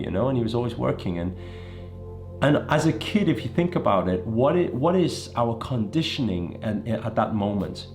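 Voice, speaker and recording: A man's voice: medium pitch, creaky, darkish tone. A man from England giving an emphatic motivational talk to camera, often checking in with "right?" and "you know". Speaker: motivational speaker.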